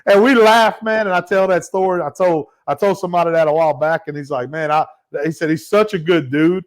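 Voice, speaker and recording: A man with a Louisiana accent, hosting a casual chat and telling an animated story, acting out the quotes. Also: fairly high pitch, brisk. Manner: animated anecdote teller, acts out quotes. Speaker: show host.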